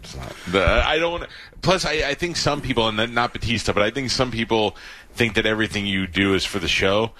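A man's voice: on the low side, quick pace, sharp tone. A middle-aged man from New York, a radio host, chatting loosely with lots of likes. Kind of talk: casual talk radio chat.

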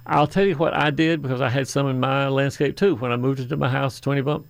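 A man's voice: medium pitch, fairly even intonation, fast talker, creaky, no room sound. A man hosting a call-in garden radio show, chatting in a folksy, rambling way with asides.

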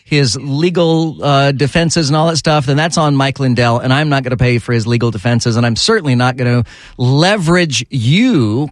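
A man hosting a talk radio show, chatting casually and getting animated and exasperated, his voice jumping high when riled up. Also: moderate pace, no echo. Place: radio studio.

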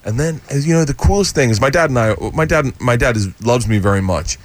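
Fast-talking man telling a story. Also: mid-range voice. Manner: animated storyteller, acts out quotes. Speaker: comedian guest. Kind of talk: storytelling in casual chat.

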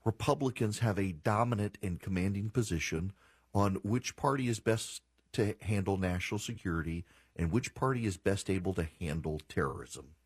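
A man's voice: low voice, moderate pace, breathy edge. A man hosting a political talk radio show, giving incredulous, sarcastic commentary and reading passages aloud.

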